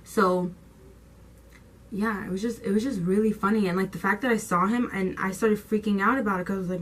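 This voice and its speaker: A young woman vlogger tells a storytime tale in animated, slangy, casual talk, swearing freely and acting out what people said. Her mid-range voice moves fairly quickly, and the rough recording has a little hiss or hum.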